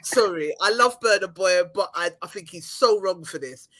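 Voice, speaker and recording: A woman's voice: lowish voice, normal speed, fairly bright tone. A woman co-hosting a podcast, chatting casually and laughing a lot. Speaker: podcast co-host. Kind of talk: casual chat.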